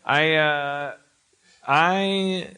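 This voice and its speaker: A slightly drunk man playing a tabletop game on stage, talking in halting, rambling, apologetic bursts. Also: fairly high pitch, pushed and bright. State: a little drunk. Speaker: player. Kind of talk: live tabletop game play. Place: live stage before an audience. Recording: live show with background noise.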